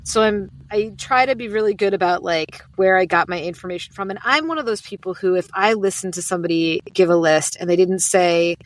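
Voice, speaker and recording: A woman's voice: lowish voice, brisk, few pauses. A woman with an American accent, a podcast guest chatting casually and upbeat with many restarts. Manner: chatty, upbeat, fillers and self-interrupting restarts. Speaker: podcast guest, sleep podcast host. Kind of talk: casual conversational interview.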